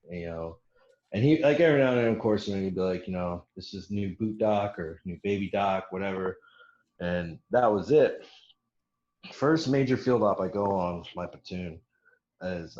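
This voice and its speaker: A young man spins a profane, laughing story for his podcast co-hosts, jumping into loud impressions of the people he met. His voice sits on the low side. The recording is roomy and a little dull, like a lo-fi home setup. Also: normal speed. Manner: profane, laughing, quotes others in animated bursts. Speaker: podcast co-host telling a story. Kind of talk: casual storytelling chat.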